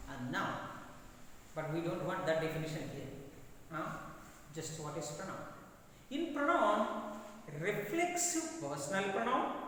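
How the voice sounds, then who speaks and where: A man teaching an English pronunciation lesson, slowly drilling words and repeating them for his students. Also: sits high, a bit bright, a little hiss or hum. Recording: echoey room from far off, faint ambience.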